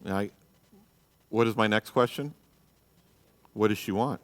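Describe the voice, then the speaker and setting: A man's voice: on the low side, unhurried, pauses often, long reverb tail. A man teaching a church marriage class, blunt and exhorting, often checking in with "you know" and "okay?". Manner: acts out quoted people in a raised voice.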